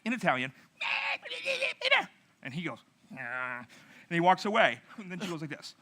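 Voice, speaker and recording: Male preacher, middle-aged, lively storyteller, slightly high and bright. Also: moderate pace. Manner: animated storytelling with acted-out voices. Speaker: pastor. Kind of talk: narrative sermon.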